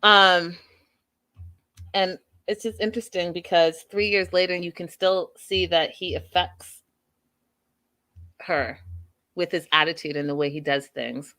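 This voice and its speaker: A woman hosting a podcast, giving an animated, emphatic, chatty recap of a reality show. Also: fairly low pitch, a little slow, long pauses. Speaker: podcast host. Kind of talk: casual TV recap commentary.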